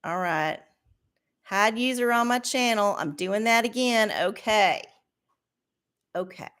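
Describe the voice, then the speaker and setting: A woman's voice: mid-range voice, slow pace, fairly bright tone, clear, resonant tone. A woman hosting a casual livestream, ranting and swearing with a sarcastic edge. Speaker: livestream host.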